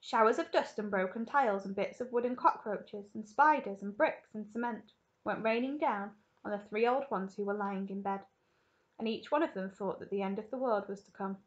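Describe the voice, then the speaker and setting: A woman primary school teacher reading a story aloud to children in a lively, expressive way. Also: mid-range voice, normal speed, dull audio.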